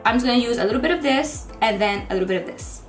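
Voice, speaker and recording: A woman with a fairly high voice chats away in a relaxed, excitable way, gushing about makeup. Her voice rings in an echoey room, with soft music playing underneath. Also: rapid-fire. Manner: chatty and excitable, gushing over products. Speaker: beauty vlogger. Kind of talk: casual unboxing and makeup try-on.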